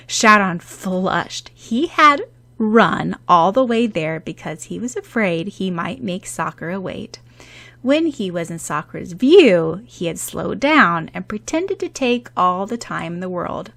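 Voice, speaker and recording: A woman narrating a fan-fiction audiobook in an even, steady storytelling way. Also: on the low side, a little slow, vocal fry.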